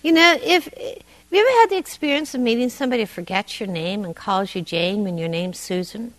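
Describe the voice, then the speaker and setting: Lively, playful woman meditation teacher. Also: mid-range voice, brisk, rough recording. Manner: conversational, gently humorous. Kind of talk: dharma talk. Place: meditation hall.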